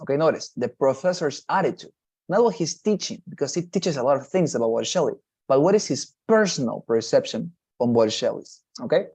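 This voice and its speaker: A man's voice: medium pitch, expressive, brisk, darkish tone, slightly rough. A man teaching test prep, repeating points and checking in with his students as he goes. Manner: repetitive, checks in with "okay?" and "right?". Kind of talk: online class explanation.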